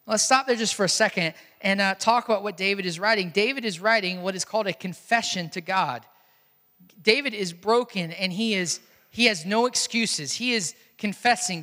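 A man preaching a sermon as a pastor, earnest and emphatic, repeating key phrases with pauses. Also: high voice, sharp tone, long reverb tail.

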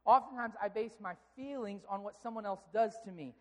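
A male pastor giving a sermon, telling a story with lively, animated delivery. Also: sits high, brisk. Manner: animated storytelling, shouting quoted outbursts. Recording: long hall reverb.

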